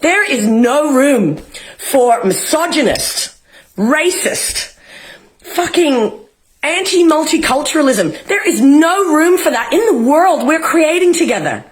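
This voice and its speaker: Young aussie woman, high voice, passionate sweary rant to camera. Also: expressive, slow pace. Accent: Australian. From Australia. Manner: fiery, swearing, emotional, rallying. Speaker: vlogger. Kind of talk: impassioned political rant to camera. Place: home, in isolation.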